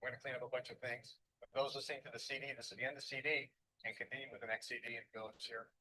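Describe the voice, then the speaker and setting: A man's voice: mid-range voice, steady tone, racing, sharp tone, slight background noise, poor audio. A man speaking in a recorded motivational seminar, conversational and repeating phrases for emphasis. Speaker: self-help seminar speaker.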